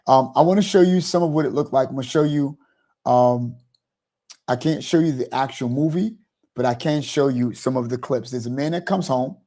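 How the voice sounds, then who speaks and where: A man's voice: medium pitch, normal speed, mellow. A man hosting a motivational talk, rambling and repeating "you know" as he explains. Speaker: host.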